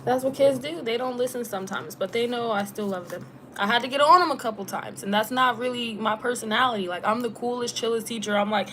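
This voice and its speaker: A young woman talks in a loose, chatty way on a live stream. Her voice sits at an ordinary middle pitch and stays easygoing, with plenty of "like" and casual slang. A faint hiss of background noise runs under her voice. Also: brisk. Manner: relaxed and chatty, heavy use of "like" with slang. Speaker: travel vlogger and former teacher.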